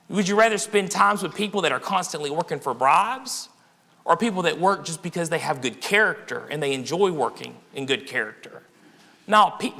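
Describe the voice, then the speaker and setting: A young man preaches in a church, speaking conversationally and often checking in with the congregation. His voice sits high and carries a gravelly rasp. It rings out in a hall with a long reverb. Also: pushed and bright. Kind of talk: sermon. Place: church sanctuary.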